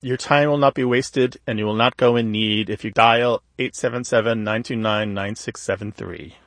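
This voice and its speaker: A man's voice: on the low side, steady tone, normal speed, fairly bright tone, dry recording. A man co-hosting a radio call-in show, joking and asking callers friendly questions. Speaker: co-host of a radio call-in show about words. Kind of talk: casual radio chat. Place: radio studio. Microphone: studio microphone.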